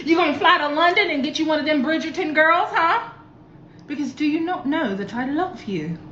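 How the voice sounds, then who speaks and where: A brash, pushy woman with a put-on Vietnamese accent, played by a woman doing impressions. She speaks in broken English, with a high voice that keeps jabbing with mocking questions. The clip sounds dull and lo-fi. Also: lively intonation, normal speed, a bit bright, reverberant, a little hiss or hum. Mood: teasing.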